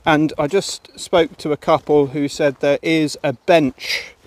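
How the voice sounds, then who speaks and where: A man's voice: fairly high pitch, level tone, slow. A man walking a muddy woodland path outdoors, chatting to viewers in a casual commentary with muttered asides and mild exclamations. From England. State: panting while climbing a muddy hill. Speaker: walking vlogger.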